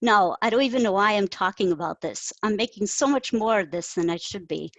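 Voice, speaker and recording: A woman reading her own story aloud, voicing an insecure, self-doubting woman who talks earnestly and quickly. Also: mid-range voice, no echo, lightly acted, poor audio.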